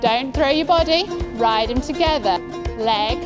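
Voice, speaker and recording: A woman giving calm, encouraging instructions as a riding coach. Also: sits high, unhurried, over music. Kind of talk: coaching a rider. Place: outdoor riding arena.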